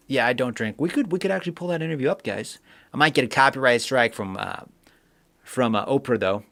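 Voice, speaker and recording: A man's voice: medium pitch, brisk, a bit bright. Chatty young man reading comments. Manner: chatty, reads viewer comments aloud, rambling with fillers. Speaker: livestream host. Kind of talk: casual live-stream chat.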